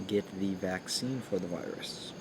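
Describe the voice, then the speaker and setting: Casual male streamer, low voice, noisy outdoor recording with crickets. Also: moderate pace, creaky. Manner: casual, fussing over stream problems. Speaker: livestream co-host. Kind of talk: casual livestream chat.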